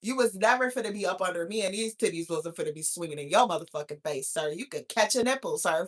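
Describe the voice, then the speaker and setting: A woman's voice: fairly low pitch, expressive, fast talker, hardly any pauses. A woman in her thirties hosting a talk show, chatting casually in a brash, profane, laughing way. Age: 30s. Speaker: podcast host. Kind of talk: casual chat.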